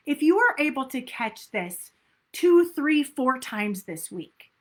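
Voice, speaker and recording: Upbeat, bright-voiced woman coach. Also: fairly high pitch. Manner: upbeat, emphatic, acts out inner self-talk. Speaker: weight loss coach. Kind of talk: motivational coaching talk.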